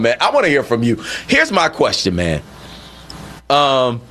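A man hosting a talk radio show, conversational and animated, rising in pitch when indignant. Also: normal speed. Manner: conversational with frequent "you know what I mean". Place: radio studio.

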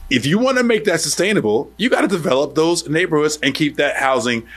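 A man's voice: fairly high pitch, animated, brisk, fairly bright tone. A man hosting an interview, making his case in emphatic lists. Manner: emphatic, building arguments in lists. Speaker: interview host. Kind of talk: radio interview.

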